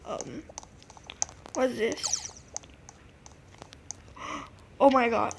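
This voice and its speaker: A woman giving casual, excitable commentary while playing a game, talking to her viewers and often gasping. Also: high-pitched, takes it slowly, gravelly, long pauses, slight background noise. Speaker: gameplay narrator.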